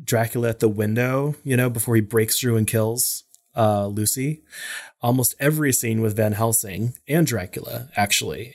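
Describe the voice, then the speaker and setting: A man co-hosting a podcast, chatting casually and enthusiastically about a film, listing favorite scenes with lots of fillers. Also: fairly low pitch. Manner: enthusiastic, rambling, lists scenes with many fillers. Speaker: podcast co-host.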